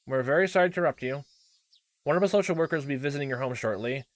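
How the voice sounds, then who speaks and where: A man's voice: mid-range voice, very fast, pitched above the performer's own voice, close to an everyday voice. A man voicing a polite, insistent welfare caller. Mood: formal. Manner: courteous, formal, insistent.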